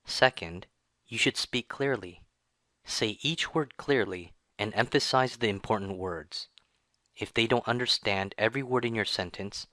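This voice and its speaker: A man narrating a scripted English lesson, reading in a slow, even and careful way. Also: on the low side, no echo. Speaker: English teacher.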